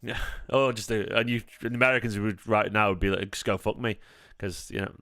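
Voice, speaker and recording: A man hosting a live football watchalong, chatty and jokey, quick to get excited. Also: lowish voice, dry recording, clean studio sound. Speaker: fan channel host.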